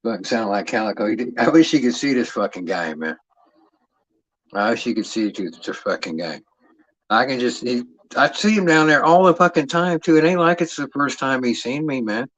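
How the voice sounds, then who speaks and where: With a mid-range voice, lively intonation and a moderate pace, this man hosts a livestream and spins stories for his chat. He's profane, rambling and streetwise in this casual storytelling. The sound is a bit bright and the recording rough.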